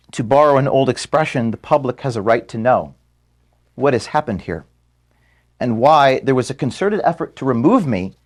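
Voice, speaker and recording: Earnest man in an office. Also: fairly high pitch. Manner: earnest and measured, dropping quiet and halting when moved. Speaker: organization founder addressing staff. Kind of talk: emotional farewell statement. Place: office room at headquarters.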